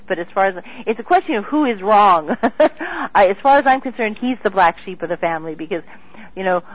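A woman guest in an interview, talking in an excitable, rambling way with many restarts. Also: mid-range voice. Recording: dull lo-fi radio sound.

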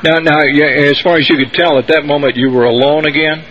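Halting male radio host. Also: fairly high pitch, steady tone, fairly bright tone. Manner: halting, with many fillers and restarts. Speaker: radio talk show host. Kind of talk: radio interview. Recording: muffled radio broadcast with faint hiss.

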